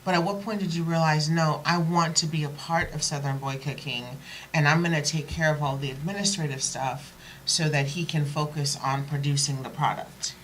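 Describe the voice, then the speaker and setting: A woman's voice: low voice, steady tone, normal speed, fairly bright tone, a little hiss or hum, low-quality recording. A woman hosting a talk show, introducing a segment and asking her guests questions. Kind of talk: interview.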